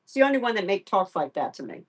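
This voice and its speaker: Middle-aged woman host, lively sing-song pitch, soft baby talk to a pet, casual chat with viewers. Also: fast. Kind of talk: casual live-stream chat.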